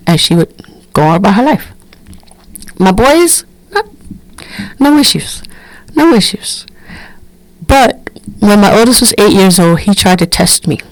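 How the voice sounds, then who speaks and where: A woman's voice: lowish voice, no room sound, poor audio. A middle-aged woman, telling candid stories bluntly as a podcast host. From Brooklyn, New York. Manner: candid, blunt, animated storytelling. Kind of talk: casual storytelling monologue.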